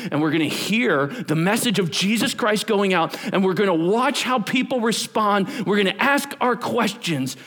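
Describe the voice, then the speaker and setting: A man with a high voice preaches to a youth camp, and his pitch swings widely from line to line. He keeps it energetic and conversational, joking with his listeners and asking them questions as he teaches. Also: moderate pace, few pauses. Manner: energetic, conversational, jokes with the audience. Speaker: pastor.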